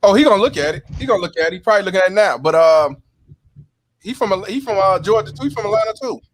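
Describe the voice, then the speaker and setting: A man's voice: sits high, animated, rapid-fire. A man hosting a live-stream talk show, easygoing and agreeable with his guests.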